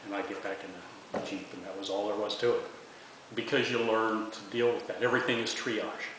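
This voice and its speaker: A man's voice: lowish voice, little pitch movement, brisk. A man in his sixties, a veteran, recounting memories in an oral history interview, often stumbling and repeating words. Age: 60s. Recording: echoey room with faint hiss.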